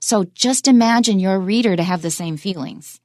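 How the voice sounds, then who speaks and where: A woman teaching English pronunciation on a radio lesson, explaining clearly and switching between English and Mandarin. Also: mid-range voice, normal speed, darkish tone, no room sound, studio quality.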